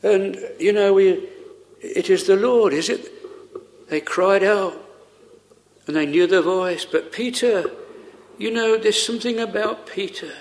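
A man preaching a sermon in an earnest, pleading way, full of pauses and rhetorical questions. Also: sits high, slight background noise.

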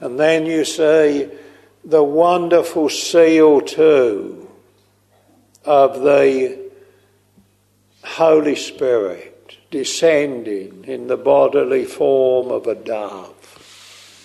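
A man preaching a slow, earnest sermon, tender and pleading as he quotes hymns. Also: mid-range voice, vocal fry, mellow. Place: church. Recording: long reverb of a large hall.

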